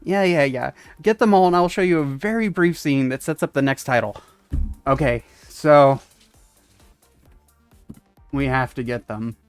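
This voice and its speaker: A man's voice: mid-range voice, a little slow, long pauses, smooth, no echo. Man reading game dialogue aloud, dry mic. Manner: reads game text aloud, chuckles often. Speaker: let's-play streamer. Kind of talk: casual gameplay commentary, reading dialogue aloud. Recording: dry close mic, faint game music.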